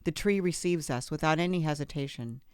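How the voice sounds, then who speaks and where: A woman podcast host reading a memoir aloud in a measured, expressive way on a close studio mic. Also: low voice, clear, resonant tone, no echo.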